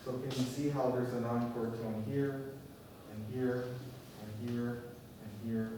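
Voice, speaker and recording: A man's voice: mid-range voice, fairly even intonation, unhurried. A man teaching a music theory class, lecturing and often checking in with his students with questions. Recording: echoey classroom from far off, faint noise.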